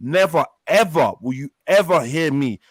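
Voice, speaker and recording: A man's voice: fairly high pitch, lively intonation, normal speed, dry recording. A Nigerian-born man hosting a live panel, arguing heatedly, interrupting and repeating his demands.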